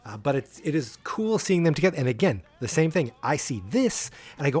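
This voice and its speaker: A man's voice: a little high, very animated, fairly quick, a little mellow, husky, soft background music. A man hosting a podcast who gives a casual, rambling recap of a sitcom episode, full of fillers and restarts. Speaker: podcast host.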